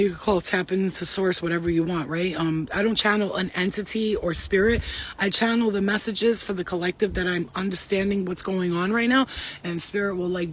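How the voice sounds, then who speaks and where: High-voiced man, fast and profane. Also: a little hiss or hum. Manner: fast, profane, playful, talks straight to chat. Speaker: spiritual reader, live-streaming host. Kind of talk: casual live-stream chat with viewers.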